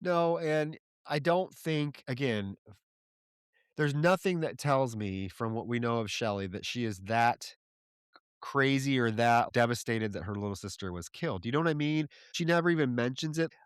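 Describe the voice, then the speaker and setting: A man's voice: medium pitch, expressive, normal speed, clean tone, dry recording, studio quality. A man co-hosting a podcast, recapping a film plot casually with exasperated, profane remarks. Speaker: podcast co-host. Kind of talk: casual film review chat.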